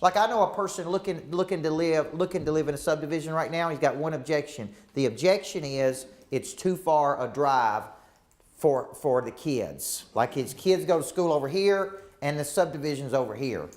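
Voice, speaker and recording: Man coaching agents live, lively and a bit high, voices the dialogue he quotes. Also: moderate pace. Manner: animated, acts out quoted dialogue. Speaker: real estate coach. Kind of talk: live coaching session talk.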